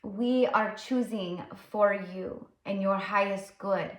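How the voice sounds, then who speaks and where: A woman voicing a serene, motherly ancient goddess in an imitated African-French accent, speaking slowly and softly. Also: mid-range voice, close to an everyday voice. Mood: soothing. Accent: mix of African and French, imitated. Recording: roomy echo.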